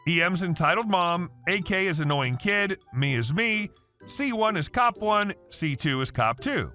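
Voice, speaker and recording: A man narrating reddit stories in an animated reading voice, with faint music behind. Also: high-pitched, measured pace.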